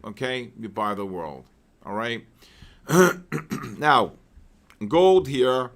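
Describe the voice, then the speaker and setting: A man's voice: medium pitch, animated, drawn-out words, fairly bright tone. Male trading-show host, live market talk, rambling and repetitive, prone to exclamations. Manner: rambling, repeats himself, frequent throat clearing; exclamatory asides.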